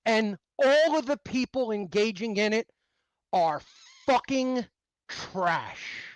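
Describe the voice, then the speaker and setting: Ranting man, high and dry. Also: animated, takes it slowly, dry recording, poor audio. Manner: profane, emphatic ranting. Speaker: interview guest. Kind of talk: heated monologue.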